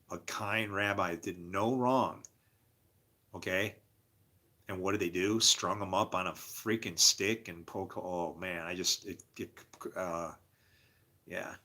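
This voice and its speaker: Man, middle-aged, bright forceful tone, rambling candid chat, frequent laughs. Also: low voice. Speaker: podcast host. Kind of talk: casual personal monologue.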